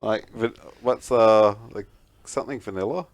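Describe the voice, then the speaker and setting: A man's voice: on the low side, normal speed, dry recording. A man co-hosting a casual movie review chat, blunt and sweary, laughing often. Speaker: podcast co-host.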